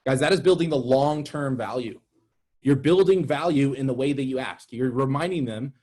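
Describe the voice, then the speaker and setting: A young man giving an energetic, direct sales training talk, calling his audience "guys". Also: mid-range voice, moderate pace.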